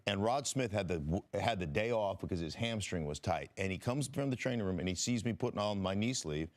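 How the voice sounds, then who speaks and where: A man's voice: low voice, lively intonation, fairly quick. A man co-hosting a sports debate, agreeable and chiming in often before telling his own stories. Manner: agreeable, frequent affirmations, anecdotal. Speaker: sports show co-host. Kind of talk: casual sports debate and storytelling.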